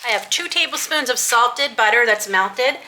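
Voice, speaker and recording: Bright-voiced chatty homestead mom. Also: female voice, a little high, expressive, moderate pace, a little hiss or hum. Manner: chatty, homey, laughs often. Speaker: homesteading vlogger. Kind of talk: casual kitchen vlog. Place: home kitchen.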